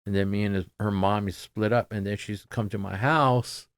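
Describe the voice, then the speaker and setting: A middle-aged man talking casually as a podcast guest, halting and subdued, trailing off with many fillers. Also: on the low side, steady tone, clean tone, no room sound, clean studio sound. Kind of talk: casual conversation.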